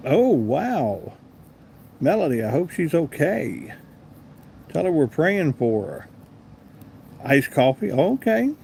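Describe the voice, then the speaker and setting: A man's voice: on the high side, big pitch swings, slow, creaky, long pauses, a little mellow, slight background noise. A man with a Southern US accent hosting a casual live stream, chatting easily and answering viewers by name. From American South. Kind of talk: casual live chat reading comments.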